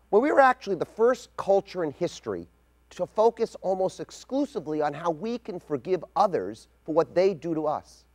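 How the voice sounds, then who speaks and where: A man's voice: high-pitched, darkish tone. Reflective man reading a spoken essay. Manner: measured, reflective storytelling. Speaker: rabbi giving a spoken commentary.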